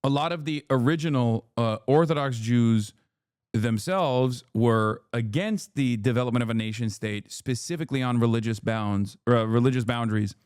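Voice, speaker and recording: A man streaming a reaction video, talking loosely and profanely, with many fillers and lively jumps when he quotes people. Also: mid-range voice, normal speed, clean tone, no echo, studio quality. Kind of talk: casual reaction commentary.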